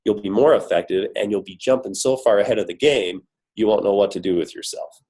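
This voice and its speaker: A man's voice: on the low side, a little fast, a little mellow, low-quality recording. A man with a cold giving an upbeat, emphatic motivational talk on a team coaching call, full of rhetorical questions. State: has a cold, voice worn. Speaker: corporate guest speaker on a team call.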